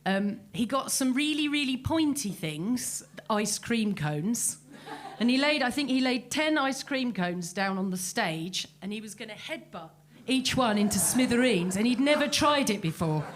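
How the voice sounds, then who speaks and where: A woman's voice: on the high side, animated, unhurried. Chatty woman host, laughing often. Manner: chatty, laughing, calling on audience members. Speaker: host of a memorial show. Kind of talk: casual anecdote to a live audience.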